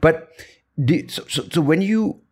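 A man's voice: fairly high pitch, unhurried, darkish tone, breathy edge. A man hosting a podcast who asks long, rambling questions full of restarts and "right?". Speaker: podcast host. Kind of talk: conversational interview questions.

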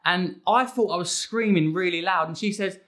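A fitness trainer, a man, talking excitably and emphatically in a casual interview, rambling from one thought to the next. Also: sits high, normal speed.

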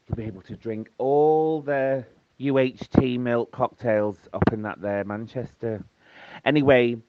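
A man leaving a chatty, silly voice message for a podcast. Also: no echo. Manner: chatty, silly, sing-song with big pitch swings. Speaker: caller. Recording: dull lo-fi phone message.

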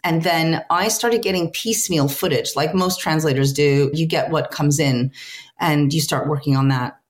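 A woman with a notably low, deep voice speaks as an interview guest. She is a film translator. She talks earnestly and reflectively, stopping often to search for the right words. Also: moderate pace.

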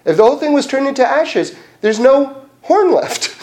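Casting note: high-pitched man, Torah teacher, loose conversational delivery with lots of "like" and restarts. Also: moderate pace. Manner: animated, chatty, many fillers and restarts. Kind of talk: casual Torah class.

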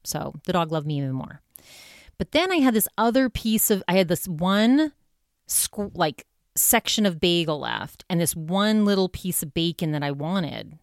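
A woman's voice: lowish voice, lively intonation, moderate pace, dry recording, clean studio sound. A woman hosting her own podcast, talking casually and candidly about her week, with lots of "like" and "you know". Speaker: podcast host. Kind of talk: casual solo podcast monologue.

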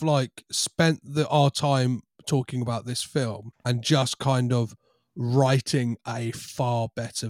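A man's voice: medium pitch, dry recording, clean studio sound. A man in a casual film podcast chat, thoughtful and a little hesitant, often checking "do you know what I mean".

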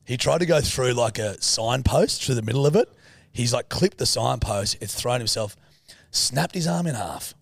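A man's voice: medium pitch, lively intonation, normal speed, gravelly, no room sound, studio quality. A man in his thirties with an Australian accent, telling a rowdy story in casual chat, swearing freely and acting out the voices of the people in it. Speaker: podcast co-host.

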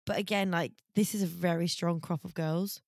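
A woman's voice: fairly low pitch, steady tone, normal speed, darkish tone, no room sound, studio quality. Chatty woman co-hosting a podcast. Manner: chatty, swears freely. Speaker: podcast co-host. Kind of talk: casual chat.

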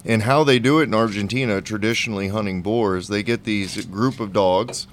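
A man co-hosting a casual podcast, asking questions and telling stories in a measured way. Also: fairly low pitch, a little hiss or hum. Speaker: podcast co-host. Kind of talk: casual chat.

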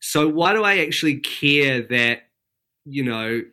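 A New Zealand man talks openly and chattily as a podcast guest. His voice has a bright, clear edge and sits at an ordinary male pitch. He tells stories in an easy, candid way. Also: animated, a little slow. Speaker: guest, TV weather presenter. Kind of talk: casual podcast chat.

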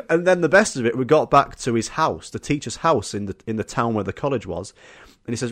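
Young Yorkshire man, solo podcast host, mid-pitched, dry close sound, chatty storyteller who laughs a lot. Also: expressive, normal speed, a bit bright, dry recording. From Yorkshire, England. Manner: laughs often, swears, acts out quotes.

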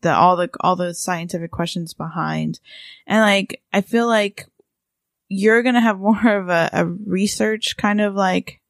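A woman's voice: medium pitch, unhurried, vocal fry, no room sound, studio quality. A woman co-hosting a podcast who calls herself a psychic, chatting casually with lots of fillers. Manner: filler-heavy, giggly. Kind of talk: casual chat.

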